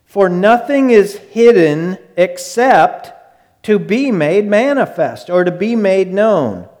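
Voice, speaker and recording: Male pastor, high voice, slow emphatic sermon delivery, long hall reverb. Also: animated, a little mellow. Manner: slow, emphatic preaching with quick acted asides.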